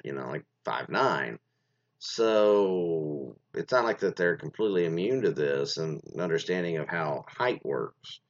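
A man reading stories aloud and commenting in a rambling, digressive way full of fillers, recorded lo-fi. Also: low voice.

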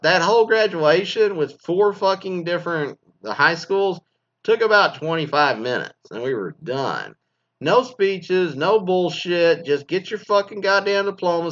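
A man's voice: a little high, a bit bright. A middle-aged man from Texas, a former teacher, ranting with heavy profanity and sarcasm in a casual monologue. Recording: slightly dull lo-fi sound.

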